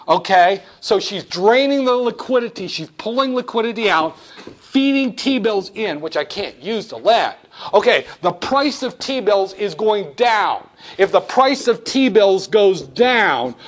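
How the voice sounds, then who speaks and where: A male economics instructor lecturing in an animated, blunt way, with jokey asides. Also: high voice. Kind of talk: lecture with acted-out role-play.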